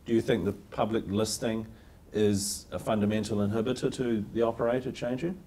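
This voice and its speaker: A man's voice: fairly low pitch, steady tone, a little fast, dark tone. A man interviewing an analyst, asking probing questions in a conversational way.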